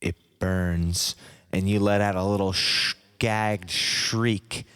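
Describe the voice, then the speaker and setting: Male narrator, low voice, slow hypnotic parody delivery, long echo tail. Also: steady tone, clean tone. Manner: slow, soft, second-person hypnotic narration. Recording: long hall reverb.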